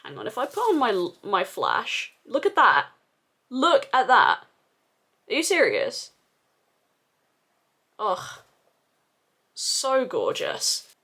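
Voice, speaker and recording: A woman's voice: fairly high pitch, fairly bright tone. A young woman doing a casual makeup review, gushing and exclaiming with casual swearing. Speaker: beauty vlogger.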